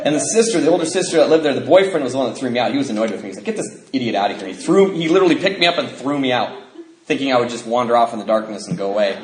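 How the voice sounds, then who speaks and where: A man speaking at a recovery convention, telling his story in an animated, self-mocking way and acting out the quotes. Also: medium pitch, very fast, crowd noise. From Washington State, USA. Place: large convention hall. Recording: echoey hall recording with background noise.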